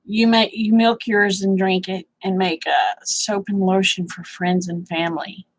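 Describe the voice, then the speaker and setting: A woman's voice: mid-range voice, steady tone, measured pace, rough recording. An older woman, sleepy and yawning, chatting casually on a livestream and answering viewers' comments. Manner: drawling, chatty, reads viewer comments aloud. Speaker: livestream host.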